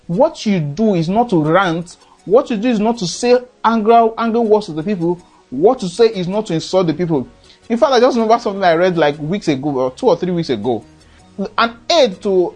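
A motivational speaker with a Nigerian accent and a high, darkish voice gives an earnest advice monologue. He lectures his listeners and acts out quoted dialogue along the way.

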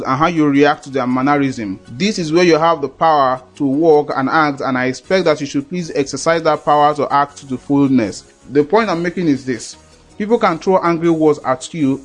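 A man preaching a sermon in an earnest, repetitive way, often checking that listeners understand. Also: fairly high pitch.

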